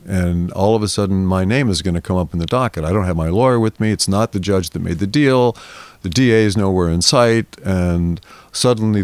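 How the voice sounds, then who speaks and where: An older man in his seventies, a guest in an interview, telling a long story in a rambling, animated way and acting out the voices of people in it. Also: sits low, no room sound. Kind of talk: storytelling in a conversation.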